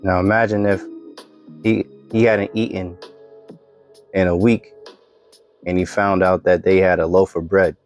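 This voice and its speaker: A man's voice: low-pitched, little pitch movement, unhurried, pauses often, faint music behind. A man giving casual religious commentary on videos, reading scripture and ending remarks with "man".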